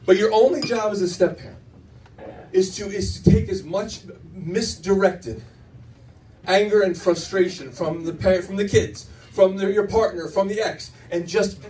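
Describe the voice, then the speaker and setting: A man's voice: high voice, normal speed, distant mic, a little hiss or hum, poor audio. A middle-aged man performing a stand-up comedy set in a club, telling stories with lots of restarts and audience laughter behind. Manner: animated storytelling with many restarts.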